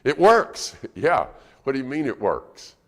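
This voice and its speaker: A guest speaker preaches in a church auditorium, the sound reverberant like a church hall. His medium-pitched voice swoops wildly yet stays unhurried as he talks conversationally and puts questions to the congregation.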